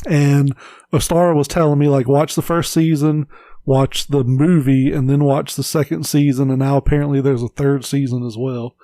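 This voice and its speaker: A man's voice: mid-range voice, flat delivery, moderate pace, dark tone, no echo. Rambling, foul-mouthed podcast man. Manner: swears a lot, rambling storyteller. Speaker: podcast co-host. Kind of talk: casual podcast chat.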